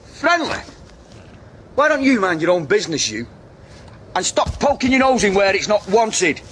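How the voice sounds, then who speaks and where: A man's voice: very high-pitched, big pitch swings, moderate pace, sharp tone, a little hiss or hum, heavily acted. A man playing a rude, grumpy male neighbour in a children's puppet show. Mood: hostile. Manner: hostile, brusque.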